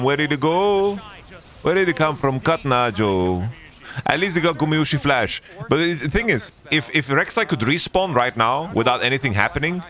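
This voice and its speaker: Excitable man co-casting a match. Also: medium pitch. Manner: excitable, swings into loud exasperated rants. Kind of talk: live esports watch-along commentary.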